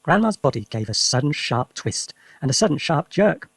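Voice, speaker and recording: A man reading a children's story aloud for English learners with lively, expressive narration. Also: a little high, normal speed, husky, no room sound. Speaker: reader.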